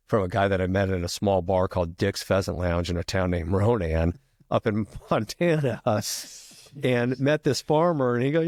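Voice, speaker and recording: A middle-aged retired firefighter telling a long story as a podcast guest, casual and profane, peppering every sentence with "freaking". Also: male voice, low-pitched, darkish tone, no echo, clean studio sound.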